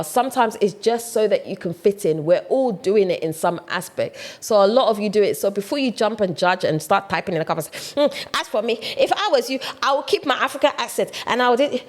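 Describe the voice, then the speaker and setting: A woman from Ghana, chatting casually to viewers in an opinion vlog, animated and full of rhetorical questions. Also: mid-range voice. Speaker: vlogger.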